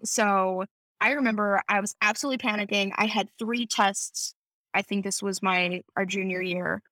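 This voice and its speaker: A young woman chatting as a podcast guest, telling animated, quick stories with a laugh. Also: medium pitch, no room sound. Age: young adult. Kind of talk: casual chat.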